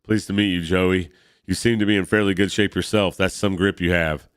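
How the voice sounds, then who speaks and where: A man reading as a steady, earnest soldier hero. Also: low-pitched, fairly quick, smooth, dry recording, studio quality, lightly acted. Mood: courteous. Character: heroic middle-aged American soldier, steady, earnest. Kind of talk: reading a comic aloud.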